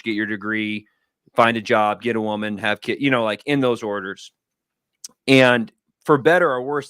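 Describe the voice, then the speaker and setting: Man telling a rambling, lively story. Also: medium pitch, no echo, clean studio sound. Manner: animated, rambling storytelling with acted-out quotes. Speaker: guest. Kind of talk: casual talk on a livestream. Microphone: video call.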